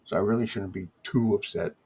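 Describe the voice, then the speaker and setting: A man's voice: fairly low pitch, steady tone, a little fast, a little mellow, slightly rough. A man from the United States talking straight to camera in a casual, exasperated monologue, grumbling and repeating his complaints. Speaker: vlogger. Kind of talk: casual ranting video monologue.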